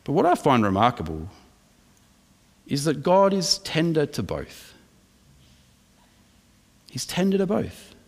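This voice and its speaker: A man's voice: on the high side, huge pitch swings, slow pace, pauses often, long reverb tail. A man with an Australian accent preaching an emphatic sermon as pastor, asking the congregation questions.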